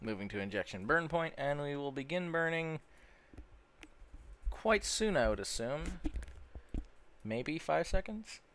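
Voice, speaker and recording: A man's voice: a little high, big pitch swings, a little slow, long pauses, a bit bright. A young man casually commenting on his own gameplay, rambling and stumbling over words, easily amazed.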